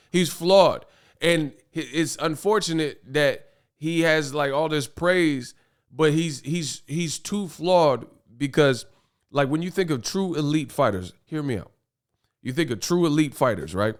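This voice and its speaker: A man's voice: on the high side, clean tone. A man hosting a boxing commentary vlog, talking in an emphatic, rambling way and repeating his punchlines. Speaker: boxing commentary channel host.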